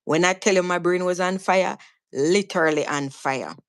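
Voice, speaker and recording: A woman with a Jamaican accent tells her own story as a guest on a live stream, her clear, resonant voice on the low side at normal speed. She is earnest and vivid in casual talk, often restarting and repeating words.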